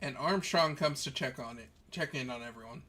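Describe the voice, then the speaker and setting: A man's voice: mid-range voice, brisk, sharp tone. A man narrating as game master in a tabletop game, chatty and often laughing.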